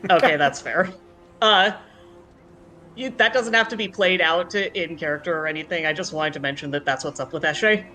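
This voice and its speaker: A tabletop game player with a bright, forward voice. They explain their character's plans in chatty, rambling asides. Faint music plays behind them. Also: mid-range voice, normal speed.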